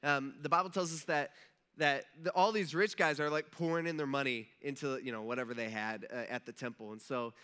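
A male pastor with a bright, forceful voice, sitting a little high for a man. He preaches in a relaxed, conversational way and slips into casual dialogue as he retells a story in the church auditorium. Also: fairly quick, clean tone. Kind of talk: sermon.

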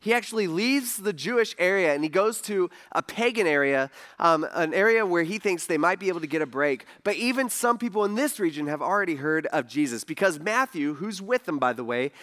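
A man's voice: high-pitched, lively intonation, a little fast, hardly any pauses, fairly bright tone. A man preaching a casual sermon in a conversational way, full of asides and rhetorical questions. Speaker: pastor.

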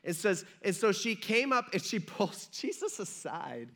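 A man preaching a relaxed sermon, his voice sitting high for a man. He talks in an easy, joking way and keeps turning to his listeners with quick check-ins. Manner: conversational, jokey, checks in with the audience. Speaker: pastor. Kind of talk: casual sermon.

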